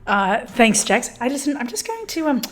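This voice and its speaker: A woman's voice: a little high, very animated, normal speed, a bit bright. A woman hosting a casual chat, talking with hesitant restarts and trailing asides. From Australia. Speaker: host.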